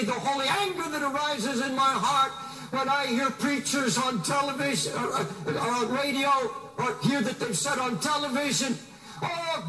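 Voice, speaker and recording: High-voiced impassioned male preacher, echoey hall. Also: pushed and bright. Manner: impassioned, rhetorical questioning. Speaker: minister. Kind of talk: fiery sermon. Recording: roomy, mic at a distance.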